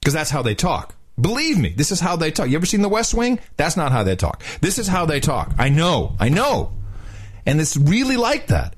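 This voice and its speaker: A man's voice: fairly high pitch, wildly swooping pitch, normal speed, breathy edge. A male host chatting casually about politics in a rambling, sarcastic way. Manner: rambling, sarcastic, laughs often.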